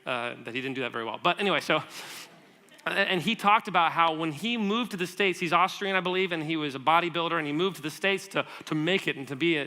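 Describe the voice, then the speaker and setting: A man gives a church sermon in a lively, conversational way, tossing questions to the audience and spinning stories with quick asides. His voice is bright and pitched a little high. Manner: animated storytelling with quick asides and laughs. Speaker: guest speaker.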